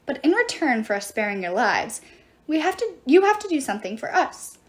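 A woman's voice: sits high, sing-song, fairly quick. A woman voicing a wisecracking teenage boy demigod in a storybook reading, joking and bargaining. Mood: scheming.

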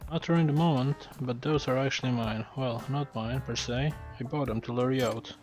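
Brief: matter-of-fact young male detective, read by a male player, mid-pitched, soft music under. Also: moderate pace, close to an everyday voice. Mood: blunt. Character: tough young male private detective, blunt.

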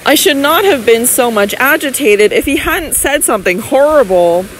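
A woman's voice: high-pitched, expressive, normal speed, a little hiss or hum, pitched above the performer's own voice, rough recording. A woman voicing a young lady who argues her case earnestly and coaxes her husband tenderly. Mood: frightened. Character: scheming young lady, frightened yet persuasive.

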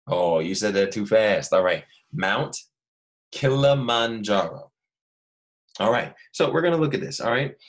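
Male grade-school teacher, low voice, animated and encouraging, leads kids in call-and-repeat. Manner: animated, coaxing children to repeat words. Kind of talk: remote classroom lesson. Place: Los Angeles.

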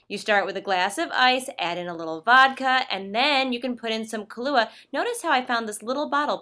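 A woman's voice: medium pitch, pushed and bright. A young woman hosting a comedic cocktail tutorial in a dry, sardonic way, stretching out her punchlines. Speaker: video creator.

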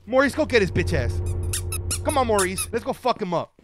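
Excitable, foul-mouthed young gamer man. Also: high-pitched, fairly quick. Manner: excitable, profane, yells and jokes. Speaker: gaming video creator. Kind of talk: let's-play commentary. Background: game music.

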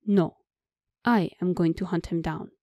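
A woman's voice: mid-range voice, fairly even intonation, normal speed, warm tone, no room sound, close to an everyday voice. Woman doing a strict no-nonsense elf guy, bossy and clipped, dry sound. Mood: stern. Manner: clipped, serious, commanding. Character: stern, formal male elf warrior. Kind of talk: audiobook character voice.

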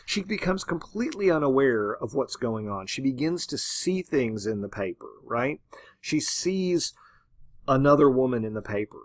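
A man giving a literature lecture in a conversational way, often asking "right?" and pausing on "um". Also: mid-range voice, big pitch swings, dry recording. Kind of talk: classroom lecture.

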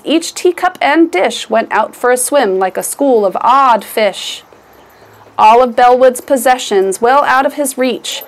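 Woman, story time reader, rhyming book read aloud, rhythmic delivery, somewhat high voice. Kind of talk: reading a picture book aloud to children.

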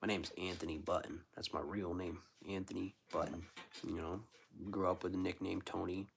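A man's voice: deep voice, little pitch movement, moderate pace, creaky, a little hiss or hum. Laid-back slangy man chatting on a livestream. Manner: laid-back, rambling, full of slang like dude and bro. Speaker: street musician. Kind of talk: casual livestream chat with viewers.

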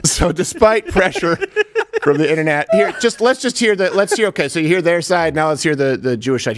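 A man's voice: fairly high pitch, a little fast, slight background noise. A man hosting a political talk show, emphatic and joking, with frequent laughs. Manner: animated, emphatic, laughs often. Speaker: host.

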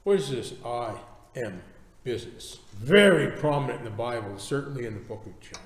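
A male pastor preaching a sermon, reading scripture and then explaining it with emphatic pauses. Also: medium pitch, lively intonation. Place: church sanctuary. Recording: echoey church hall, distant mic.

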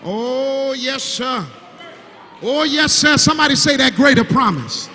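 A man's voice: very high-pitched, lively intonation, a little slow, sharp tone, slight background noise. A grieving man preaching a call-and-response sermon to his congregation, repeating words for emphasis and pressing the room to answer back. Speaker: preacher, son of the late pastor. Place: large church sanctuary. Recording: church sanctuary with long reverb.

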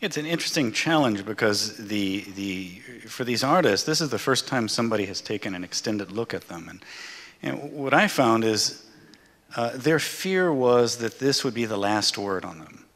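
A man, a scholar moderating a panel discussion, talking in an animated, conversational way. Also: on the low side, moderate pace. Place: lecture hall. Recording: reverberant hall.

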